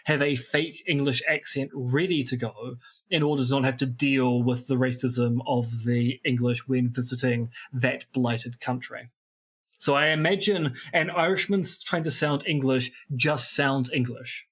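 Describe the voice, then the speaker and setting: Husky New man reading aloud. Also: medium pitch, fairly bright tone. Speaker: podcast co-host. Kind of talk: reading aloud from a book in casual chat.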